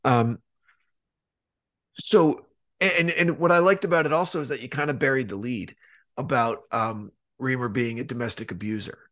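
A man's voice: mid-range voice, normal speed, a bit bright. A man co-hosting a podcast in casual chat, rambling with frequent restarts and plenty of swearing. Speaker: podcast co-host.

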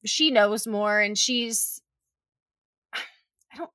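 A woman's voice: mid-range voice, very slow, sharp tone, no echo, clean studio sound. A young adult woman telling a personal story in casual chat, with lots of "like" fillers and acted-out quotes.

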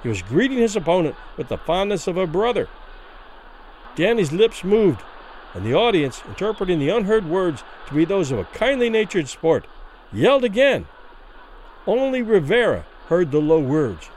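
A man narrating a classic short story as a vivid, expressive dramatic reading. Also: high voice, normal speed, slight background noise, rough recording.

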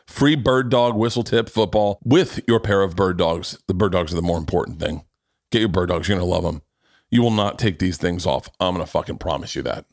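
A man's voice: sits low, fairly quick, no echo, studio quality. A middle-aged man hosting a podcast who tells stories in a casual, profane way and also reads ads. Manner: animated, profane storytelling. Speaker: podcast host. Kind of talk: casual chat and ad read.

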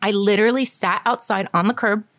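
Podcast co-host: woman in her forties, lively chatty storyteller who laughs a lot, close and dry. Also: medium pitch, fairly quick, dry recording. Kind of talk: casual storytelling chat.

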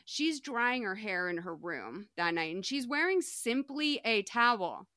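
Woman, podcast host, chatty, bright, dry close sound. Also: medium pitch, big pitch swings, a little slow, no echo. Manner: chatty, lots of "like". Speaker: podcast host recapping a movie. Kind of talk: casual chat.

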